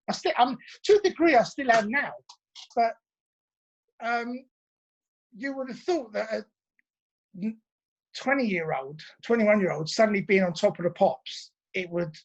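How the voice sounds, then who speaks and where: A high-voiced British man in his sixties, formerly a band drummer, is an interview guest on a video call over his phone, and the recording is rough. Chatty and rambling, he tells a self-deprecating story and acts out his thoughts.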